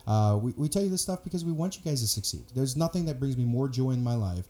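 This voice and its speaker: A man's voice: medium pitch, animated, fast, dark tone. A man guesting on a podcast, telling rambling stories full of restarts in casual chat. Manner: rambling storyteller, many restarts. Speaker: podcast guest, comedy club staff.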